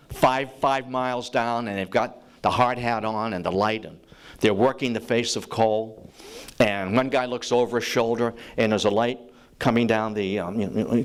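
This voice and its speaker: Animated man giving a history talk. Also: mid-range voice, moderate pace, smooth. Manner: animated storyteller, joking with the room, acting out quotes. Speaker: lecturer on presidential history. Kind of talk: public talk to a live audience.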